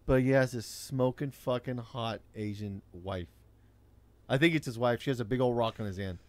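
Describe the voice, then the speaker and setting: A man's voice: medium pitch, moderate pace, darkish tone, no room sound. A man, telling a profane rideshare-driving story in casual chat. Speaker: rideshare driver.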